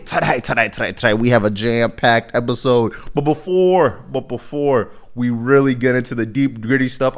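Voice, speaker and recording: Animated American man hosting a podcast. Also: mid-range voice, moderate pace, hardly any pauses. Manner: animated, repetitive, playful asides. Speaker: podcast host. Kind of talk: casual solo commentary.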